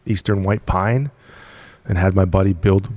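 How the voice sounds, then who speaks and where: A man's voice: deep voice, steady tone, measured pace, dark tone, no echo. A man talking as a podcast guest, telling his story in an emphatic, punchy way with repeated phrases. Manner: emphatic, repetitive, punchy storytelling with frequent laughs. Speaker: podcast guest, business founder. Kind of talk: casual storytelling in conversation.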